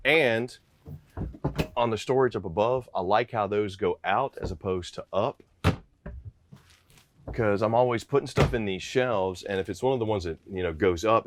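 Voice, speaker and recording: Upbeat man touring an RV. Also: slight background noise. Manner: upbeat sales pitch, pointing out features as he goes. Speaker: RV salesman giving a walkthrough tour. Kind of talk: product walkthrough. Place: inside a travel trailer.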